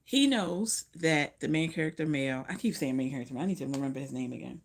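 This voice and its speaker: A woman's voice: deep voice, animated, quick pace, slight background noise. A woman casually recapping a romance novel she just read, chatty and profane, often losing track and correcting herself. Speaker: book reviewer.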